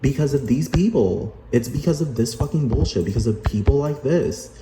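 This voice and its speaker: A man's voice: mid-range voice, normal speed. A man ranting angrily in a vlog, swearing and repeating himself, again and again asking whether the listener understands. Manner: heated, repetitive, profane, keeps asking "do you understand?". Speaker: vlogger. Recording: echoey room with noise behind.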